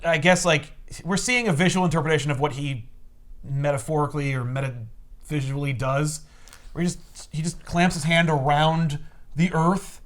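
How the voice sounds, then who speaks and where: A man's voice: on the high side, moderate pace. A man talking casually about comic books, retelling the story with energy and acting out the characters' lines. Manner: animated storyteller, acts out quoted lines. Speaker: podcast host. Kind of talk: casual comic book discussion.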